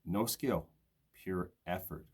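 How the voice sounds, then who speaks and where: Older Brooklyn man, very deep voice, New York accent, casual slangy live-stream host. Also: slow pace, breathy edge. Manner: streetwise slang, shouts out viewers by name. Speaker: host of a live video show.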